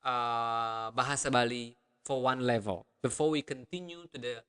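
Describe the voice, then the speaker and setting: A man's voice: medium pitch, a bit bright, smooth. Upbeat man teaching a language. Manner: upbeat, repeats phrases slowly for learners. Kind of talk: online language lesson.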